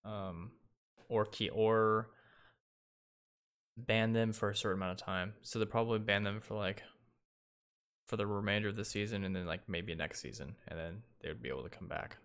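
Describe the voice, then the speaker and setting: Chill guy on a gaming podcast, lowish voice, lots of ums and laughing. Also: steady tone, moderate pace, pauses often, fairly bright tone, clear, resonant tone. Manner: laid-back, laughs often, many ums and likes. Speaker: podcast co-host. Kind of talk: casual esports podcast chat.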